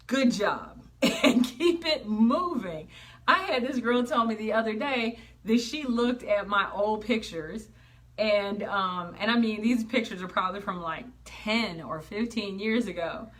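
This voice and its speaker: A woman's voice: on the high side, fairly bright tone. A woman giving a motivational talk in a sassy, plain-spoken way, acting out what people say and using slang. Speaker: motivational speaker.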